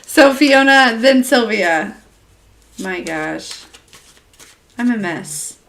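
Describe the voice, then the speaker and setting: A woman's voice: a little high, expressive, extremely slow, creaky, fairly bright tone, a little hiss or hum. A woman casually giving a tarot reading on a livestream, chatty and laughing often, with lots of fillers. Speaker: tarot reader.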